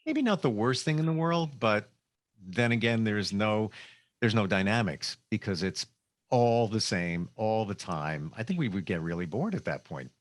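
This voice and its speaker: A man's voice: fairly low pitch, big pitch swings, moderate pace, dry recording. A man hosting a radio talk show, upbeat and chatty as he takes calls and talks with his guest.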